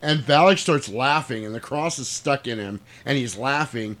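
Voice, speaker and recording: A man's voice: medium pitch, moderate pace. A man in casual chat, animatedly retelling a movie's plot with plenty of swearing and laughter. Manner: animated, profane, laughs while telling.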